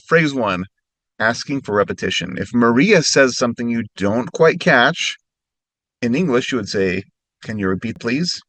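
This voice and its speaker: A man teaching a recorded language lesson, giving clear instructions and slowing right down when he models practice phrases. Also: mid-range voice, dry recording.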